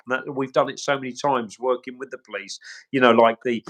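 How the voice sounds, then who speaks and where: Brisk and steady in tone, with a mid-range, somewhat bright voice, this middle-aged man is being interviewed as a search specialist. He describes what happened with emphasis, quotes others' words often and goes back over his points.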